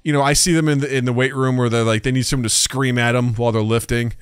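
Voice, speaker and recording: A man's voice: medium pitch, fast, heavy background noise. A man in his thirties co-hosting a podcast in casual chat, telling stories animatedly and acting out the people he quotes. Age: 30s. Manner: animated storyteller, acts out quotes. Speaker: podcast co-host.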